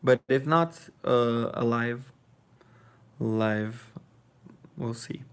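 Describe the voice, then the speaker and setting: A man's voice: mid-range voice, very slow, clean tone. Brazilian guy on a live stream, portuguese first language, rambles and restarts a lot, cracks jokes. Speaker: livestream host. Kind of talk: casual livestream chat.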